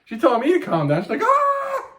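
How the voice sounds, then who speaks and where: A man's voice: extremely high pitch, rapid-fire. A man in his late thirties hosting a casual chat, telling stories with lots of swearing and yelped quotes. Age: 30s. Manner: profane, animated storytelling with yelped quotes. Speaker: podcast host.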